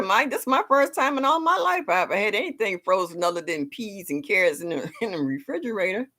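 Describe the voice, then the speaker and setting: Lady with a lowish voice doing a chatty gardening livestream, talks right back to the comments, real expressive. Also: moderate pace. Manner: chatty, expressive, reacts aloud to viewer comments. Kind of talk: casual live chat with viewers. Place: home in Ohio.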